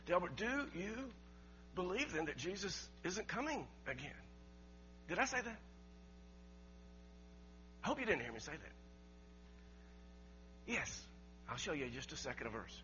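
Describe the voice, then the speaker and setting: A man delivers a sermon in a bright, somewhat high voice, pushing hard on key words and then dropping low. The recording is dull and lo-fi, with a faint electrical hum underneath. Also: very animated, moderate pace, pauses often. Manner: emphatic preaching, swings from loud to quiet. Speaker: pastor.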